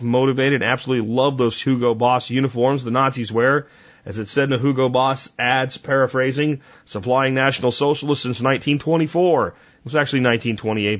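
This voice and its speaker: Male podcast host, conversational read with deadpan sarcasm, medium pitch, slightly muffled recording. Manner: conversational, with small slips and corrections. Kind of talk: reading history notes with wry asides.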